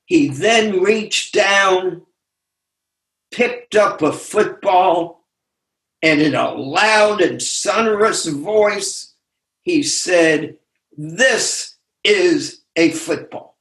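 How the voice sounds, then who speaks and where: Slow, deliberate older man reading aloud. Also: sits high, animated, fairly bright tone, echoey room. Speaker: speaker reading his own essays. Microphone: video call.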